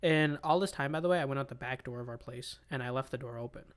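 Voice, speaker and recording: A young man co-hosting a casual podcast, telling animated, rambling stories. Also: mid-range voice, fast talker, clear, resonant tone. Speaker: podcast co-host. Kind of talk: casual chat.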